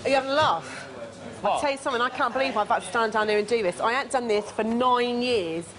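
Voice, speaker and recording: A woman's voice: fairly high pitch, expressive, quick pace, background noise. A woman, a hotel manager talking bluntly and in slang while serving in a busy restaurant. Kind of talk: reality documentary, on-the-job talk.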